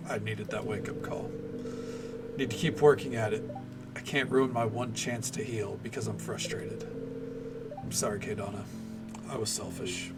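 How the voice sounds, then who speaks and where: A streamer voicing a hurt young man worn down by a long, slow recovery. He speaks quietly and haltingly, choked with frustration. Soft lo-fi music plays underneath. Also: medium pitch, distant mic, lightly acted. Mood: remorseful. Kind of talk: reading game dialogue aloud.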